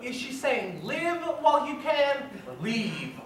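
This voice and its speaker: A wistful fan of old musicals, chatting confidingly to the audience in a live stage show. His voice is bright with lively pitch. It comes from far off in a very reverberant hall. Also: takes it slowly, slight background noise, exaggerated voice. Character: wistful middle-aged man, musical fan narrator. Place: school theater stage. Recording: very echoey hall, distant mic.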